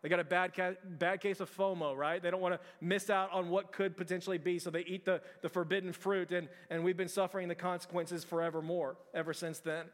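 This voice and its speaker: A man's voice: high voice, flat delivery, brisk, hardly any pauses, big-room sound. A male pastor preaching a conversational sermon, with frequent restarts and fillers.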